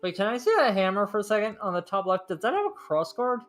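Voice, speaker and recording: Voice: mid-range voice, big pitch swings, fast talker, soft background music. A co-host in casual gaming chat, jokey and chatty, often trailing off mid-sentence. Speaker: game co-host.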